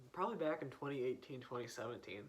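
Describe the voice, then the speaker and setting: The younger brother co-hosting a casual podcast, talking slowly with sudden bursts of loud laughter. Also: medium pitch. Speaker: podcast co-host. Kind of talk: casual chat.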